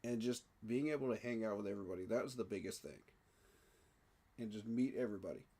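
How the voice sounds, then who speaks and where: A man talking excitedly in a casual fan reaction vlog, emotional and repeating himself. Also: fairly low pitch, fast, husky. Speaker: sports fan vlogger.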